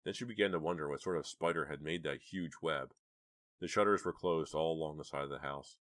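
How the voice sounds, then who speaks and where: A man narrating a horror audiobook in a steady, measured storytelling manner. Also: very deep voice, no room sound, clean studio sound.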